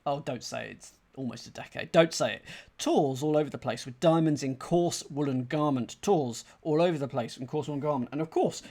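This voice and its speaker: A man streaming a crossword solve, thinking aloud in a chatty, self-deprecating way and reading clues out slowly. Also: a little high, darkish tone. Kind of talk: casual thinking-aloud commentary.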